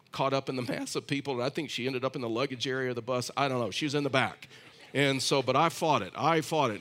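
A middle-aged male pastor preaching a sermon. He tells stories in an easygoing, conversational way, full of restarts and side remarks. His pitch sits in the middle of the male range. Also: a bit bright. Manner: conversational storytelling with frequent restarts and asides. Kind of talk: sermon with personal story.

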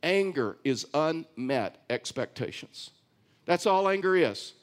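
In his sermon, a man with a slightly high voice preaches emphatically, repeating himself and frequently calling out "listen" as he reads scripture and unpacks it. He speaks slowly, with big swings in pitch.

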